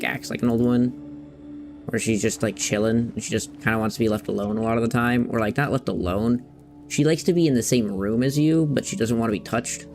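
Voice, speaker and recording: Here his mid-range voice carries vocal fry and a slightly mellow quality. He's hosting a gaming video, talking casually as he plays in a rambling, candid way, with the occasional swear word.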